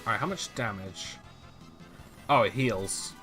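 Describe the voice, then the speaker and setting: A man's voice: lowish voice, expressive, measured pace, pushed and bright, faint music behind. A man hosting a let's play, chatting casually as he plays, rambling with fillers and restarts. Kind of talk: casual game commentary.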